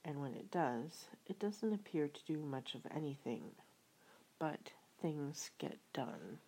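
A woman reading an audiobook in a soft, half-whispered way. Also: sits low, animated, takes it slowly, rough recording. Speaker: audiobook reader. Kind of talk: audiobook narration.

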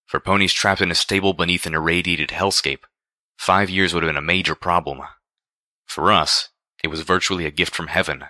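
A man narrating a first-person story with a steady, expressive reading. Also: low-pitched, a little fast, dry recording, studio quality. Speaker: audiobook narrator.

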